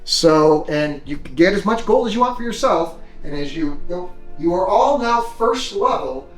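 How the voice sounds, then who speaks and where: A man runs a fantasy tabletop session, talking through the scene in a relaxed, offhand way full of fillers. His voice sits fairly high for a man. Quiet music plays faintly in the background. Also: moderate pace, low-quality recording. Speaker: game master. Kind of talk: narrating a tabletop game.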